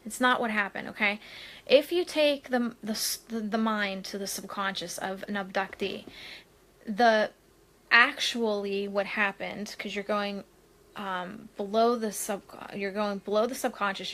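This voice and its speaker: A woman's voice: mid-range voice, fairly even intonation, moderate pace, a bit bright. Chatty woman hosting a live stream. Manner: chatty, rambling, with frequent fillers and laughter. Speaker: spiritual medium host. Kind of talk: casual live-stream chat. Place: home, Maui.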